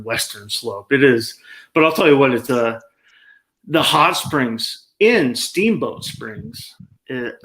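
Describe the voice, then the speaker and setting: A man chatting on a live stream, telling rambling stories with a sarcastic streak. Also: medium pitch. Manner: sarcastic, rambling, animated storyteller. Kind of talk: casual live-stream chat.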